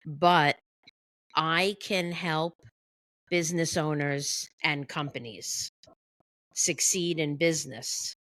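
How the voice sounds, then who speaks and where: A woman guest on a podcast explains her coaching in a slow, deliberate way. She stops often and fills gaps with "um". The sound is close and dry, with no room around it. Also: sits low, steady tone, a bit bright, dry recording. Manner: slow, halting, with many pauses and fillers. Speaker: executive behavior coach, guest.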